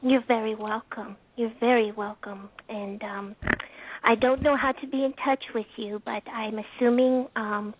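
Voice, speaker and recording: A woman calling in to a talk show by phone, speaking in a heartfelt, halting and soft-spoken way. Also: fairly high pitch, steady tone. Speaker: caller. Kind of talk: emotional call-in testimony. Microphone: telephone. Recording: tinny phone line.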